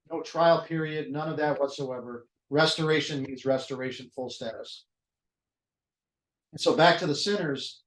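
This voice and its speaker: In an echoey room, a man with a slightly high voice leads a Bible study at a moderate pace. He talks through the text conversationally, thinking aloud and restarting phrases.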